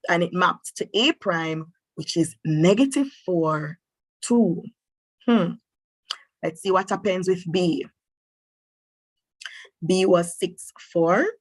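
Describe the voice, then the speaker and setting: A woman teaching a maths lesson online over a computer microphone. She encourages her students and thinks aloud with drawn-out hmms. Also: on the low side, no room sound. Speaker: mathematics teacher.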